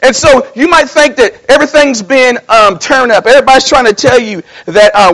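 High-voiced preacher with folksy swings. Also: male voice, a little fast, hardly any pauses, poor audio. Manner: folksy storytelling, swings from low mumbling to loud exhortation; repeats and restarts phrases. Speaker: pastor. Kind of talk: sermon.

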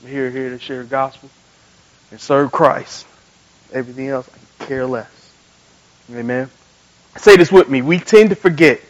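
A man preaching a sermon as pastor, telling stories animatedly and swinging between loud emphatic lines and quiet soft ones. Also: mid-range voice, normal speed, pauses often, rough recording. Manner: animated storytelling, acts out voices in quotes.

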